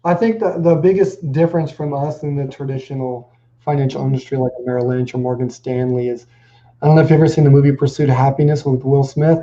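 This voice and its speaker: Casual man with a mellow voice, lo-fi. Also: medium pitch, steady tone, quick pace. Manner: casual, filler "like" everywhere, storytelling. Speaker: guest, company CEO. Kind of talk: casual interview chat. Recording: dull lo-fi audio.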